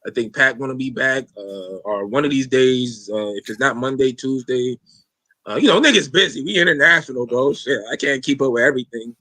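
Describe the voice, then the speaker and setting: A man's voice: medium pitch, animated, brisk, sharp tone, no room sound. A man hosting a casual podcast, talking loosely in slang with lots of fillers and swearing. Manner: loose, rambling, profane slang with many fillers. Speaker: podcast host.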